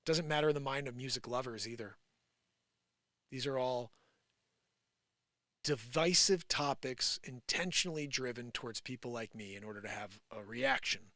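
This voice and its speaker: A man hosting a live stream, ranting in an improvised and sarcastic way, swinging from loud outbursts to low muttering. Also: normal speed, long pauses, no echo, clean studio sound. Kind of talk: improvised live opinion rant.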